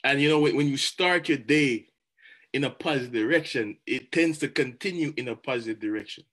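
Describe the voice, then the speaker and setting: A man giving a motivational talk, animated and chatty, often repeating words as he goes. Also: mid-range voice, a little fast. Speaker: motivational speaker.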